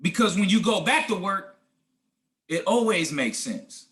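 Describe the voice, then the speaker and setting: A man's voice: high voice, lively intonation, a little slow, fairly bright tone. A man giving a motivational talk on a group call as a team leader, emphatic and preachy, talking slangy and calling listeners guys and family.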